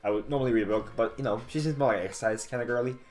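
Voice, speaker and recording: A man streaming a game, chatting with his viewers and reading the dialogue aloud, breaking into excited laughing outbursts. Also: medium pitch, rapid-fire, faint music behind. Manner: excitable, laughs and shouts in bursts. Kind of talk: let's play commentary with read-along dialogue.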